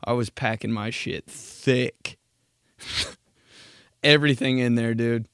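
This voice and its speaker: A young man hosting a casual solo podcast, swearing a lot and ranting in an animated, crude way. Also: medium pitch, slow, clear, resonant tone, dry recording, clean studio sound. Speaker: podcast host.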